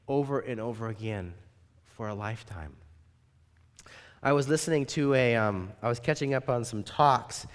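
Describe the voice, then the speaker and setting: A man, a pastor, preaching a sermon and telling a story in an animated way. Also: mid-range voice, normal speed. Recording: long reverb in a large hall.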